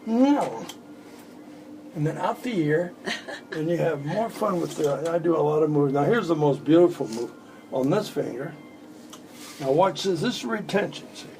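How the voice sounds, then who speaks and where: This lively, somewhat high-pitched voice belongs to an eighty-something magician talking at home over a noisy background. He keeps a normal pace, breaking up his trick demonstrations with meandering, jokey stories.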